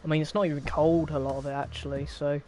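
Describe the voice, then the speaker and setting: Wry, rambling man, slightly high voice. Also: level tone, fast talker, a little mellow, faint music behind. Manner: rambling, wry, laughs often at the chaos. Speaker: league stream host. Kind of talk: casual live-stream chat.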